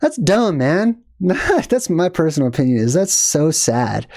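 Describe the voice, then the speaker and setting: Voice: mid-range voice, big pitch swings, measured pace, darkish tone. A commentator in their forties giving a casual, ranting movie commentary with emphatic opinions. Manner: ranting, emphatic, laughing asides.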